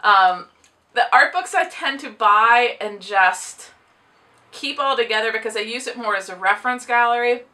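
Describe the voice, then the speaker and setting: Recorded from a distance, a woman speaks in a fairly high, bright, forceful voice at a moderate pace. As a book vlogger and teacher of a book publishing class, she chats casually to camera about her books, rambling and often laughing while audibly chewing and clicking gum.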